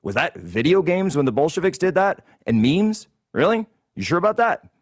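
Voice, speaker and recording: A man's voice: on the high side, very animated, a little fast, no room sound, studio quality. A man hosting a political commentary show, ranting in a combative, indignant way. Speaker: host.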